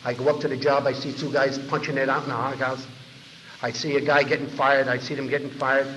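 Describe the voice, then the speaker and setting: Fast-talking New man in a hall. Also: medium pitch, a little hiss or hum. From New York. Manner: animated storyteller who acts out others' lines. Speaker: recovery meeting speaker. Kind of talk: storytelling talk to a large audience. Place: large convention hall. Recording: dull 1990 tape of a hall talk with long echo.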